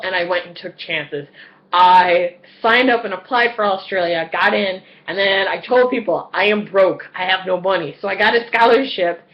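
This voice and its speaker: A woman in her late twenties telling a story to her camera in a slightly dull, lo-fi recording. She talks loosely and profanely, with a pitch that sits mid-range. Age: 20s. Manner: animated, profane, acts out voices and screams. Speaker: vlogger. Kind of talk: casual storytelling vlog.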